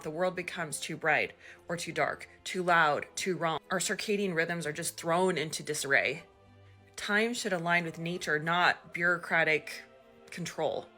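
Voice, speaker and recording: A woman's voice: on the low side, bright, forceful tone. A woman speaking in an earnest monologue to camera, with a dramatic, ominous tone. She keeps asking pointed questions as she talks.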